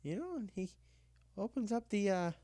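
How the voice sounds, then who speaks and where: A woman telling a comic personal story in casual chat, animated and filling every pause with "you know", acting out her own lines. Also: mid-range voice, no room sound.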